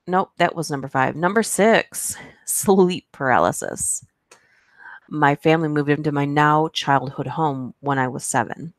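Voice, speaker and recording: A woman's voice: low-pitched, dry recording, studio quality. A woman hosting a live stream, reading creepy stories aloud and chatting with asides between them. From United States. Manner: reads aloud with asides, laughs at herself.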